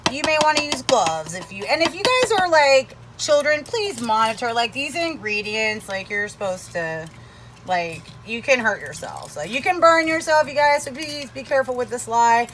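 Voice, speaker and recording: A woman's voice: a little high, lively intonation, normal speed, over music. A woman casually demonstrating how to make soap, chatty and rambling, with jokey asides to viewers. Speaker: soap-making vlogger.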